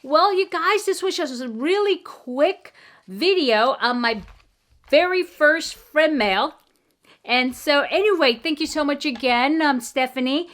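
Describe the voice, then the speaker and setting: A woman's voice: sits high, animated, a little slow, fairly bright tone. A woman vlogger chatting casually as she unboxes friend mail, gushing and full of fillers. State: tearful. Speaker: beauty vlogger.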